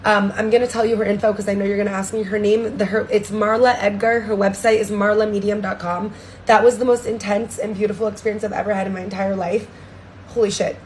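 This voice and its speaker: A young woman giving a candid, excitable vlog testimonial, swearing freely as she talks. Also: mid-range voice, fast talker, a little hiss or hum. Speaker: social media creator.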